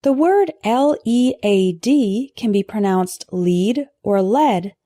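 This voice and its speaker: A woman teaching English vocabulary in a scripted lesson, pronouncing word pairs slowly and carefully for learners to repeat. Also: mid-range voice, lively intonation, dark tone, no room sound, studio quality. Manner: slow, careful pronunciation drills.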